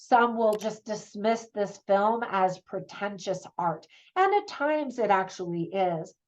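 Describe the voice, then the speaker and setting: A woman's voice: mid-range voice, lively intonation, slow pace, poor audio. A middle-aged woman reviewing a movie in a chatty, enthusiastic way, laughing at her own asides.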